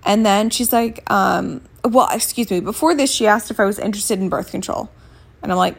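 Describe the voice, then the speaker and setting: A woman in her thirties sits up on a bed at home, telling a story in a casual vlog. Her medium-pitched voice is gravelly and a little fast, and she speaks candidly and bluntly, swearing freely.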